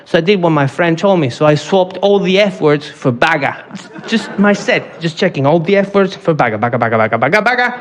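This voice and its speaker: A man doing a stand-up comedy set on a club stage, telling a story in an animated way with stammered restarts. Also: a little high, normal speed. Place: comedy club stage before a live audience. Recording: noisy live stand-up recording.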